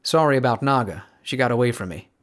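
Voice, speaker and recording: A man voicing a gentle, easygoing middle-aged father. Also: medium pitch, expressive, quick pace, lightly acted. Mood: relieved.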